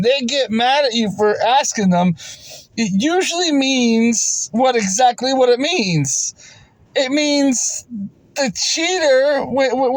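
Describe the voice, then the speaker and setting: A man's voice: very high-pitched, no room sound, low-quality recording. A man telling a story to camera in an aggrieved, insistent way, repeating himself and stumbling over restarts. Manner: frequent stammered restarts. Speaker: vending route operator.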